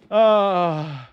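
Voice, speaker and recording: Young guy ranting over a footy match, kinda high voice, dead dry mic. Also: smooth, no echo, dull audio. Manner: exasperated, sarcastic, repeats himself. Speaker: football channel host. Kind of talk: live watch-along commentary.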